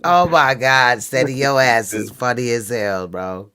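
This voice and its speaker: A man's voice: mid-range voice, unhurried, bright, forceful tone, slight background noise. A man on a live stream panel reacting with laughter and exclamations in casual chat. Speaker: livestream panelist.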